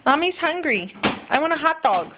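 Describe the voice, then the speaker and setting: A young mother at home, talking to her toddler in a drawn-out, sing-song, coaxing way. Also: high-pitched, big pitch swings. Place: at home, indoors. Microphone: home video camera. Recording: muffled home video with hiss.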